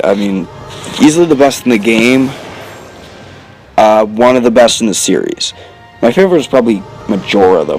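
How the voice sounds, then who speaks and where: Recorded on a desk mic after the gameplay, this rough-sounding clip features a man whose voice sits on the low side and is a little mellow. As a let's play commentator he rambles casually, cracking jokes, cutting himself off and using plenty of filler words.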